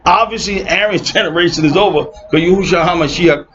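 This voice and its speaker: A man's voice: high-pitched, fairly quick, fairly bright tone, faint music behind. Sarcastic man teaching scripture, lo-fi. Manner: reads verses aloud, then mocks opponents with sarcastic asides. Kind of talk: informal online Bible teaching. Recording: dull lo-fi recording.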